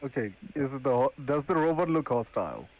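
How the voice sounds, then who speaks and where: A man's voice: mid-range voice, sing-song, a little fast, poor audio. Joking male player, mid-range voice, casual. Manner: playful, joking. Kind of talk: casual game chat.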